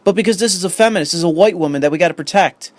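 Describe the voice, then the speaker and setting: A man's voice: high-pitched, racing, dry recording. A young man ranting in commentary, profane and sarcastic, reading an article aloud and arguing with it. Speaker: commentary host.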